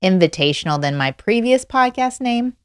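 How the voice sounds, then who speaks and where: A woman's voice: fairly high pitch, lively intonation, moderate pace, clean tone, no echo, clean studio sound. Cheerful woman guest from Indiana. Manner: cheerful, laughs easily, friendly. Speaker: podcast guest. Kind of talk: casual chat interview.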